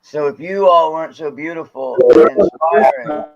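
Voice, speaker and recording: A man's voice: a little high, normal speed, a crowd in the background. Rambling playful man, lo-fi sound.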